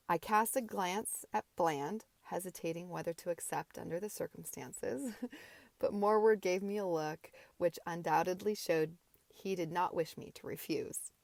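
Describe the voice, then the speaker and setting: A woman narrates a novel in a relaxed, unpolished home audiobook reading. Her voice is low and gravelly. The recording is dry and close. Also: a little slow, no echo. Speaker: audiobook reader.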